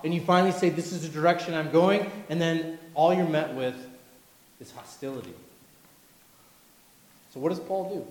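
A man preaching a sermon with animated delivery, acting out the voices of people he quotes. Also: mid-range voice, a little hiss or hum. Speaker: pastor. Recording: echoey hall with long reverb.

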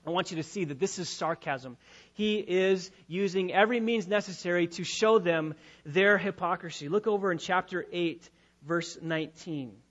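Man, high voice, preaching a sermon, soft asides then loud emphasis, muffled lo-fi sound. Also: moderate pace. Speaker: pastor.

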